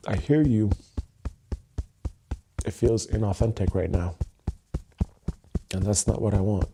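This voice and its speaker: A man hosting a tapping livestream who rehearses his intro over and over, swears casually and thinks aloud with long pauses while seated at his desk. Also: fairly low pitch, vocal fry, noisy background. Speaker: livestream host, EFT tapping coach. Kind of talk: unscripted livestream self-talk. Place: seated at his home workstation.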